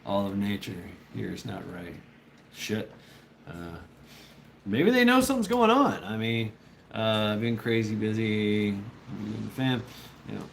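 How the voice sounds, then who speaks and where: A man's voice: lowish voice, big pitch swings, measured pace, gravelly, slight background noise. A man telling a rambling, profane story in casual chat with his viewers, often laughing. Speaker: livestreamer chatting with viewers.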